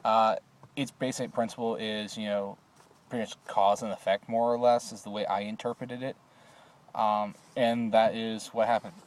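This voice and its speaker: A man's voice: on the low side, flat delivery, moderate pace. A man recording a class assignment on a phone, hesitant with many filler sounds, then reading a story aloud. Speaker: student.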